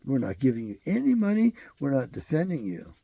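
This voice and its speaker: A man's voice: mid-range voice, huge pitch swings, brisk, creaky, warm tone, dry recording. A man hosting his own show, delivering a rambling, profane and emphatic solo commentary monologue. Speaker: show host.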